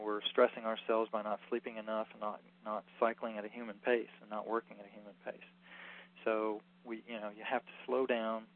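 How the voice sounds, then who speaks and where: A man giving a rambling, earnest informal lecture as a healing workshop teacher, full of fillers. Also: lowish voice. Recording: tinny phone-like recording.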